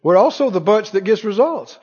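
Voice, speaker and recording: A man preaching a sermon as pastor, emphatic, swinging from loud declarations to hushed asides. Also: high-pitched, lively intonation, brisk, slight background noise. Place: church sanctuary. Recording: dull echoing church hall.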